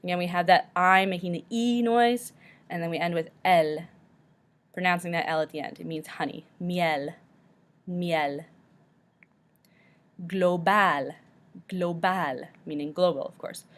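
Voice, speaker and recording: A woman, recorded as a teacher giving a French lesson, speaking slowly and carefully and repeating each word. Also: on the low side.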